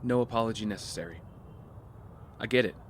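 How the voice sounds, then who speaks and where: A man's voice: fairly low pitch, brisk, a little hiss or hum, natural voice. A man playing an earnest, apologetic rich young heir in an audio drama. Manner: earnest, conciliatory. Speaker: wealthy heir.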